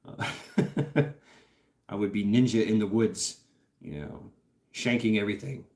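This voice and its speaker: A man with a lowish, darkish voice hosts a relaxed livestream at a measured pace, reading live chat and rambling with laughs, swears, and many fillers. There's a roomy echo in the recording.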